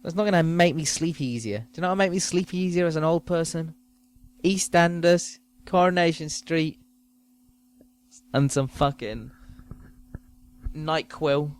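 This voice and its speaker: A man hosting a podcast, rambling through a crude, self-mocking comic monologue. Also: fairly high pitch. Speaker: podcast host.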